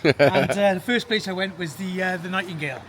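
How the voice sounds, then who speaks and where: A man with a Cardiff accent telling an animated story to an interviewer on an estate street, acting out the voices of the people in it. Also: high-pitched, fairly quick, a crowd in the background. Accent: Cardiff Welsh. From Cardiff, Wales. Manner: animated, acts out quoted voices. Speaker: local resident interviewed on the street. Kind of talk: casual storytelling. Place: outdoors on a housing estate street.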